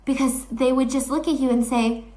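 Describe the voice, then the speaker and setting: Woman, high voice, personal storytelling, earnest, shaken, self-questioning. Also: steady tone, normal speed, warm tone. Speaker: storyteller vlogger.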